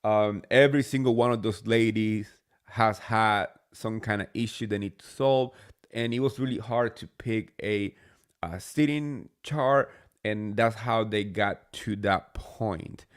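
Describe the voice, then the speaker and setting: A man's voice: lowish voice, a little slow. A man hosting a casual recap show, chatty and sarcastic, talking with many fillers. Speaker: podcast host.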